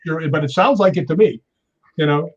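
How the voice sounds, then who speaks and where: Older male guest, husky and a bit high-pitched, lively storyteller, dull lo-fi audio. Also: fairly quick. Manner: animated storyteller acting out quoted voices. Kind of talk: storytelling in an interview.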